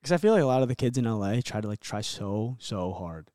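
A man's voice: fairly low pitch, animated, quick pace, warm tone. A young man telling stories as a podcast guest, loose and chatty, packing in "like" fillers and swearing freely. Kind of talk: casual storytelling chat.

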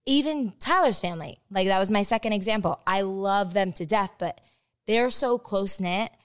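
A woman's voice: medium pitch, normal speed, clear, resonant tone. A woman guest on a podcast, chatting candidly, laughing often and swearing freely. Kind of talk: casual chat.

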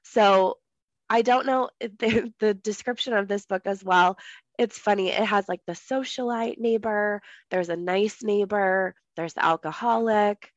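Chatty woman with a slightly rough voice. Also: medium pitch, unhurried, no room sound, highs cut off. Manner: chatty, lots of ums and laughs. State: voice a bit off. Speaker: podcast co-host. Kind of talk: casual chat about books.

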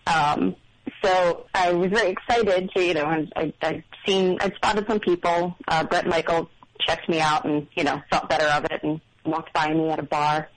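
A woman's voice: low-pitched, steady tone, normal speed, dry recording, poor audio. A middle-aged woman calling in to a show, telling a story casually with many ums and self-doubt. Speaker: caller. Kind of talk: casual phone call story.

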